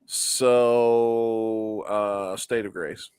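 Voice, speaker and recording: A man's voice: fairly low pitch, steady tone, very slow, darkish tone, smooth, no room sound. A man co-hosting a podcast in casual chat, bantering and joking with profanity. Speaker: podcast co-host.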